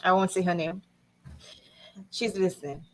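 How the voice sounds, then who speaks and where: A woman's voice: fairly low pitch, steady tone, normal speed, poor audio. A woman telling her personal testimony on a talk panel, earnest and laughing through emotion.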